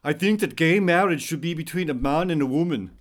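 A man putting on an impression of a gruff male action star with an Austrian accent, in a mock-serious quoting tone. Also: a little high, brisk, pitched above the performer's own voice, lightly acted. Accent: Austrian (put on).

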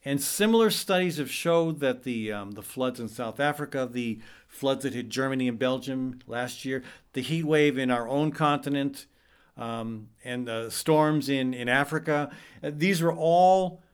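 A man's voice: medium pitch, unhurried, clear, resonant tone. A middle-aged man hosting a talk radio show, speaking with urgency and often stumbling over fillers and restarts. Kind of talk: earnest talk-radio commentary.

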